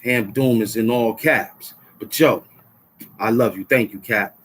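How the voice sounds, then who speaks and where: A middle-aged man hosts his own vlog, ranting to camera about politics in heated street slang and repeating phrases to drive them home. His voice is on the low side and fairly bright, with a breathy edge and a measured pace.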